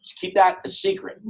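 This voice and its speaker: High-pitched, animated male motivational speaker. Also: poor audio. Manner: animated, joking, acts out dialogues. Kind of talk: motivational sales talk to an audience.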